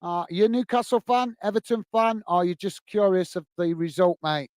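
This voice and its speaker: Man, high voice, smooth clean tone, live match play-by-play, friendly chat with viewers, dry close sound. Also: steady tone, normal speed, no room sound. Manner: friendly, chatty play-by-play, calls viewers mate. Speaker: host of a football watch-along stream.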